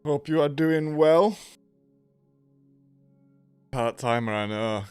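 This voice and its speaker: A man's voice: on the high side, slow pace, darkish tone, smooth, no echo, faint music behind. A man hosting a casual live stream, nasal and congested from a cold, greeting viewers by name.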